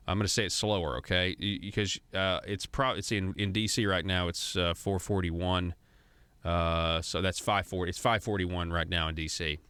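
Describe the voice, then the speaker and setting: Low-voiced man hosting political talk radio. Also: steady tone, moderate pace, fairly bright tone, smooth, dry recording. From Arkansas. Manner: conversational, grows heated and emphatic. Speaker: radio talk show host.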